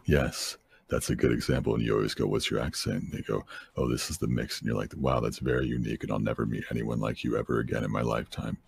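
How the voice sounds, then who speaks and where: A man musing slowly and deadpan in casual voice-chat banter, tossing out gamer jokes. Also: a bass voice, vocal fry, a little hiss or hum. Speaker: guest on a livestream voice call.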